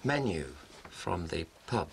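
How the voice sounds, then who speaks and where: A bitter, sarcastic husband. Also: male voice, deep voice, lively intonation, slow, vocal fry, a little hiss or hum, heavily acted.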